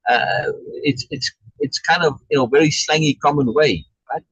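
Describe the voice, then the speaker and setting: A man's voice: on the high side, normal speed, a bit bright, slightly rough, no echo, rough recording. A man leading an online Shakespeare reading group and explaining in casual chat, restarting often and checking in with "right?" as he reads out chat comments. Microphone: video call.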